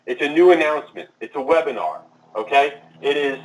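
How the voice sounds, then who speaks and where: A man giving a marketing presentation at a conference, talking fast and addressing the audience directly. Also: a little high. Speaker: conference speaker. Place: conference room. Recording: echoey and distant from the mic.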